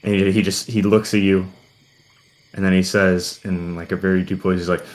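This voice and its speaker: A man's voice: deep voice, little pitch movement, normal speed. A man narrating as game master, rambling and full of fillers. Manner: rambling, heavy on "kinda" and "uh".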